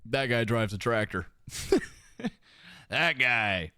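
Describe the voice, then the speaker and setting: A man's voice: mid-range voice, slow pace, sharp tone, clear, resonant tone, no room sound, studio quality. A man with a Southern US twang chatting casually with his stream viewers, swearing and laughing often.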